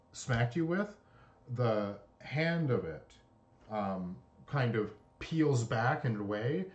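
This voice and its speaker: A man narrating a tabletop game as game master, unhurried, with many filler pauses. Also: fairly low pitch, muffled recording.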